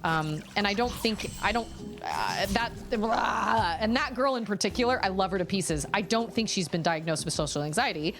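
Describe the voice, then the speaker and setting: A woman chatting casually with her viewers while streaming a game from home, rambling through stories in an expressive way. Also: medium pitch, moderate pace. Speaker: gaming streamer. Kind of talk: casual livestream chat while gaming. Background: faint game music.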